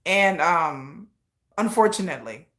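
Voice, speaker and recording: On her casual commentary live stream, a woman speaks with a bright, strong voice that sits lowish, taking an unhurried pace. Her delivery is animated and gossipy, peppered with slang and frequent laughter.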